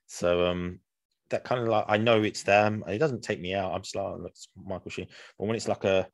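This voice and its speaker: A man's voice: on the low side, steady tone, a little fast, no room sound. A man co-hosting a podcast, chatting casually and rambling with restarts and laughs. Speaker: podcast co-host. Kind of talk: casual chat.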